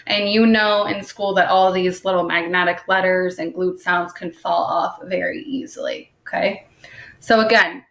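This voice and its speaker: A woman's voice: on the low side, fairly even intonation, gravelly, a bit bright. A woman teaching a phonics lesson to young children, patiently sounding words out and checking in with "okay?" after each point. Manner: sounds words out slowly, tapping syllables. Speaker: second grade teacher. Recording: roomy echo.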